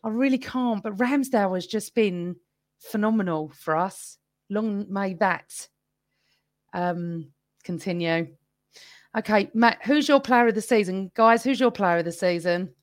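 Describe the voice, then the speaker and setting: A woman's voice: medium pitch, measured pace, dry recording. A woman hosting a live fan podcast on her own, chatting casually with viewers and reading out their comments. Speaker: podcast host. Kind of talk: live-stream fan chat.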